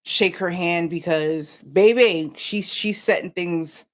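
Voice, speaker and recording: Speaking slowly in a lowish voice, this yarn company co-host addresses her livestream viewers directly. She shares animated stories during the casual chat.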